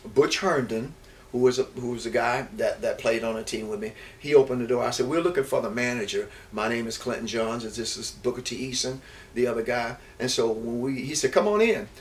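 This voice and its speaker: An older man, a former baseball player, telling stories from his life in an interview. He talks in a rambling way, repeating words and restarting, and grows lively as he recalls events. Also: medium pitch, fairly quick. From Houston, Texas. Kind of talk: reminiscing storytelling in an interview. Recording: distant mic with faint background noise.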